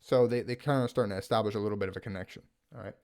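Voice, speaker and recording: A man talking at home, recapping and reviewing a TV series in an animated, rambling way, full of "like" and "right?". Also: lowish voice, very fast. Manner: animated, rambling, filler-heavy with frequent "like" and "right?". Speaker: gaming video creator reviewing a TV series. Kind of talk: casual spoken recap and review.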